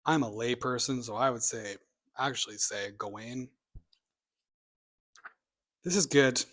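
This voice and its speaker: A man's voice: mid-range voice, moderate pace, fairly bright tone. Opinionated, rambling man chatting casually. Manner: opinionated, rambling, with offhand asides. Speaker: booktube vlogger. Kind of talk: casual chat about his bookshelf.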